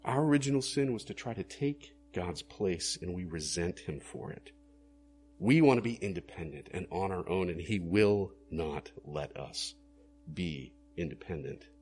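A man's voice: sits low, expressive, unhurried, a little mellow, slight background noise. A male pastor preaching a sermon in an earnest, questioning way that rises to emphatic bursts.

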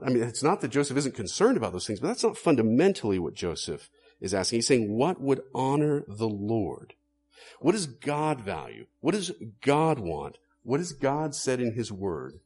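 A man delivers a sermon with a lively, rising and falling voice. He speaks earnestly, leaning on rhetorical questions and pressing hard on key words. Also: medium pitch. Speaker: preacher.

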